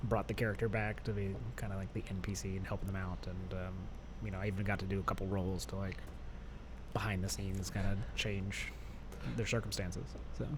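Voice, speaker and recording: A man's voice: low-pitched, little pitch movement, brisk, background noise. A man co-hosting a role-playing podcast, talking eagerly and rambling a little. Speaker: podcast co-host. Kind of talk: casual podcast chat.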